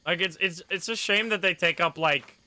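A man streaming a game live, talking to himself and his friends in an excitable way, swearing and laughing often. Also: high-pitched, moderate pace, background noise. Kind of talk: casual live gameplay commentary.

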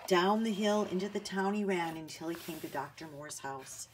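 A woman narrating a children's chapter book aloud in an expressive storytelling manner. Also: on the low side, moderate pace, slight background noise.

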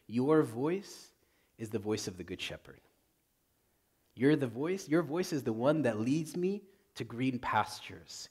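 A man preaching as a priest in a conversational way, often saying "like" and swinging from loud to very soft. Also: medium pitch, lively intonation, normal speed, breathy edge. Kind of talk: sermon.

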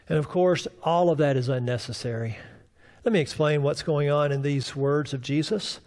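A man's voice: on the high side, steady tone, moderate pace, a little mellow. A man preaching a sermon as pastor, building to fervent, rising declarations. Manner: preaching with rising fervor and mock voices of doubters.

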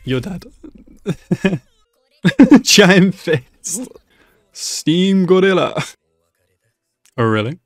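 Hosting an anime reaction channel, a man chats casually to the screen in live reaction commentary, laughing often, exclaiming excitedly, and tossing in asides. His voice is a little high, with no room sound.

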